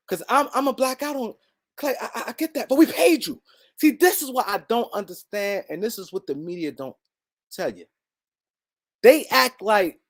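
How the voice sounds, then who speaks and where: A man's voice: high voice, animated, normal speed. A man hosting a heated solo sports commentary, repeating his points for emphasis and talking straight at absent players.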